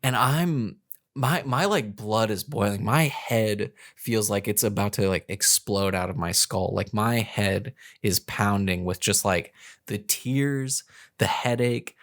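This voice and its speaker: A young podcast co-host tells a childhood story in a loose, rambling way, full of fillers and restarts. His voice is lowish, recorded dry at studio quality.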